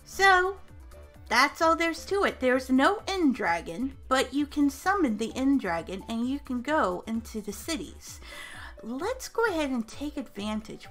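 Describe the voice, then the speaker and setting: A woman's voice: fairly high pitch, a bit bright. A woman hosting a casual let's-play, chatty and upbeat, narrating each step of the game aloud. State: hiccups. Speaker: gaming channel host. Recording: faint music behind.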